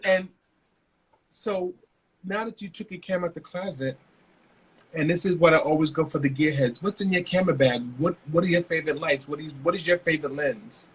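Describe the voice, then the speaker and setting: A man's voice: on the high side, brisk, slightly rough, poor audio. A man co-hosting an interview show, asking questions in an upbeat, playful way. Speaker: podcast co-host. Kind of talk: casual interview chat.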